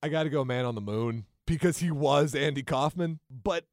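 A man's voice: on the high side, moderate pace, no echo, studio quality. Chatty man co-hosting a film podcast. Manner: enthusiastic, rambling with restarts. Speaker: podcast co-host. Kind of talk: casual movie chat.

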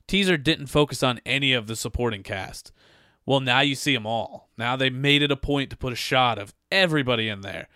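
A man's voice: mid-range voice, a little fast, bright, forceful tone, no echo, clean studio sound. A man co-hosting a casual movie trailer podcast, ranting with profane exasperation. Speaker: podcast co-host.

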